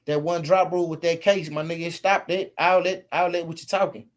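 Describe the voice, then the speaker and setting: A man's voice: a little high, fairly even intonation, brisk. A man from Houston, giving a boastful debate presentation full of street slang and swearing over a voice call. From Houston, Texas.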